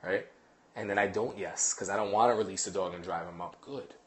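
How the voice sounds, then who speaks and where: A man working as a dog trainer, casually explaining to a live audience in a quick, animated way, full of analogies. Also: low voice.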